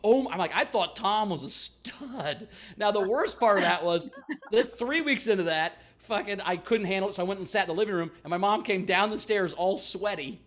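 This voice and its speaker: A man telling a funny story in casual chat on a video call, animated and swearing, acting out voices and noises. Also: high voice, a little fast, noisy background. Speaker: comedian guest.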